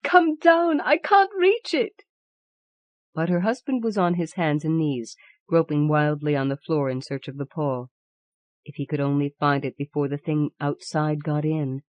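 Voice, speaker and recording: Low-voiced woman reading a story. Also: no echo, lo-fi sound. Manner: measured, even storytelling. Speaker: audiobook narrator. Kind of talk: scripted narration.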